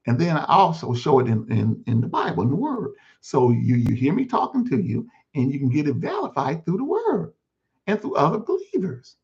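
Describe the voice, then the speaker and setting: A man's voice: on the high side, wildly swooping pitch, normal speed, a little mellow. A man acting out God, patient fatherly Lord, coaxing and repetitive, one-man sermon skit, raised voice, lo-fi recording. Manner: coaxing, pastoral, repeats himself. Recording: dull lo-fi recording.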